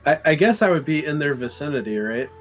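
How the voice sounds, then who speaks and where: A man's voice: a little high, animated, fast talker, faint music behind. A man playing in a tabletop game, checking his moves in a tentative, questioning way. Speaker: player. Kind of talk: tabletop role-play.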